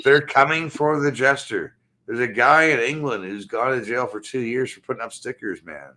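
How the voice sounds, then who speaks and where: A man's voice: mid-range voice, normal speed, bright, forceful tone. A man in a casual group chat, ranting in an agitated, repetitive way and swearing a lot.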